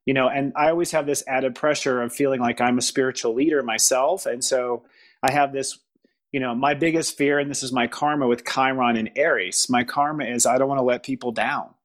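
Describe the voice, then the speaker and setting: A man speaking as a guest in a casual spiritual conversation, pausing, restarting and searching for words. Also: medium pitch, steady tone. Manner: halting, searching for words, frequent restarts and laughs. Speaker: podcast guest.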